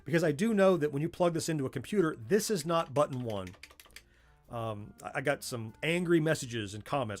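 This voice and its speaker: Animated Southern man chatting. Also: mid-range voice, a little fast, soft background music. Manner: animated, chatty, wanders off on tangents. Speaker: livestream host. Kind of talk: casual livestream chat.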